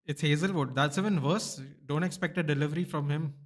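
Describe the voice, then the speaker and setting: A man hosting a live cricket watchalong, reacting excitedly and shouting at big moments with slangy asides. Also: fairly high pitch, brisk. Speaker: watchalong host.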